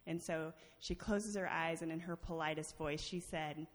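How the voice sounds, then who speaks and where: A woman with a deep voice and fairly even intonation speaks at normal speed, recounting her personal testimony to a church congregation. She tells it chattily, laughing often and using lots of fillers, and the sanctuary's large-hall reverb rings out long.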